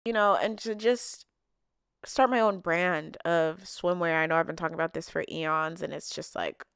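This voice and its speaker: Young woman, casual vlog chat, emotional and open, filler-heavy, smooth voice, dry close sound. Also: lowish voice, steady tone, moderate pace, fairly bright tone, dry recording. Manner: chatty, emotional, lots of likes and fillers. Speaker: vlogger answering viewer questions. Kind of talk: casual heartfelt chat to camera.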